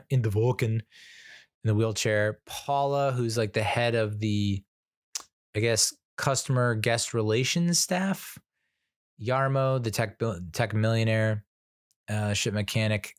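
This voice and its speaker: A man's voice: lowish voice, takes it slowly, no echo, studio quality. A man giving a casual spoken movie review, rambling with lots of fillers, restarts and frequent laughter.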